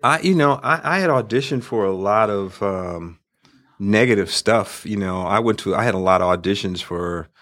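Animated older man, dry close sound. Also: on the low side, moderate pace, no echo. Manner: animated storyteller who slips into impressions. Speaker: guest filmmaker and comedian. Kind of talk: casual interview talk.

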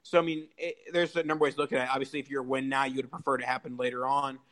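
A man's voice: mid-range voice, flat delivery, rapid-fire, a bit bright, poor audio. A man talking as a panelist on a casual sports podcast, restarting his sentences as he thinks aloud.

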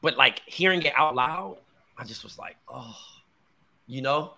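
A man's voice: medium pitch, expressive, measured pace, vocal fry, pushed and bright. A man in his thirties, a podcast co-host, telling a personal story in casual chat, full of slang and swearing. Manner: candid storytelling, heavy slang and profanity.

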